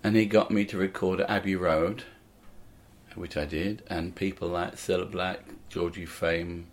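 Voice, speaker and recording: A man's voice: sits low, steady tone, a little slow. An older man from England, a comedian and musician, telling rambling anecdotes in a casual interview.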